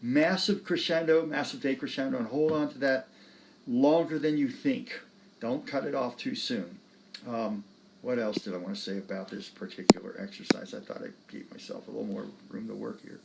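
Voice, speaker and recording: Relaxed, encouraging male music teacher. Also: medium pitch, moderate pace, vocal fry. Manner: relaxed, encouraging, sings phrases on syllables. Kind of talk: talking students through sheet music.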